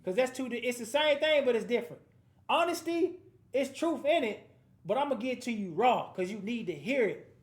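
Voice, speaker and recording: A man's voice: extremely high pitch, expressive, normal speed. A man leading a Bible class, commenting on each verse read aloud in loose street slang and telling the class to read on. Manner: slangy, street-talk asides. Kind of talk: lively scripture commentary. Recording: roomy echoing room.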